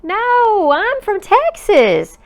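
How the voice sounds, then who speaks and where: A woman's voice: very high voice, huge pitch swings, very slow, pitched above the performer's own voice, exaggerated voice. A woman voicing a friendly young schoolboy in a read-aloud storybook, speaking earnestly and matter-of-factly. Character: boy, young, friendly new classmate.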